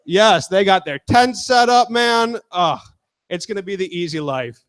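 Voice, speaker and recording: A man. His voice sits high for a man, and his delivery is loose and crude. He keeps turning to the crowd to chat. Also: animated, unhurried, fairly bright tone, smooth. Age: 20s. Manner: casual, crude, talks with the crowd. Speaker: stand-up comedian. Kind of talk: stand-up set.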